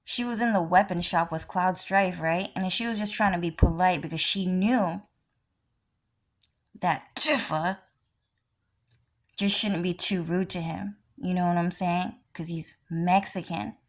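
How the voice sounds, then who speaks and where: A woman's voice: lowish voice, steady tone, moderate pace, few pauses. A woman vlogger talking in a rambling, casual monologue, often swearing.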